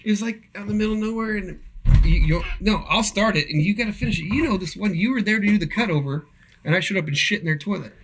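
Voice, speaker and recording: A man casually telling profane, animated stories about his cable installer job. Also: sits high, fast talker, slight background noise. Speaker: podcast guest, cable installer. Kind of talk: casual storytelling.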